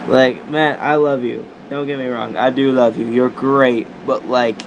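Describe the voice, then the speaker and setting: A man's voice: mid-range voice, level tone, a little slow, hardly any pauses, background noise. A young man ranting in a voice message, profane, exasperated and rambling.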